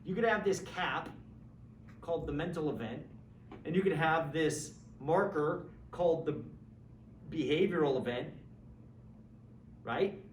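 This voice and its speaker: A man teaching an introductory philosophy class in a conversational, lively way, acting out examples and checking in with students. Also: on the high side. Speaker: philosophy lecturer. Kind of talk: classroom lecture. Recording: roomy, distant mic with faint background hum.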